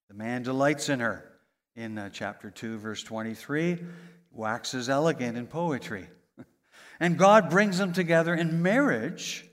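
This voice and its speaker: A man preaching in an animated sermon, his voice swinging between loud high emphasis and low quiet asides. His voice carries a long reverb from a large hall. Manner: animated preaching, voice rising and falling sharply for emphasis.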